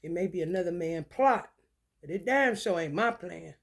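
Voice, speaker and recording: Gravelly woman, blunt and profane. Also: fairly low pitch, normal speed. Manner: blunt, profane, animated when telling stories. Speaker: tarot reader. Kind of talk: casual storytelling and tarot reading.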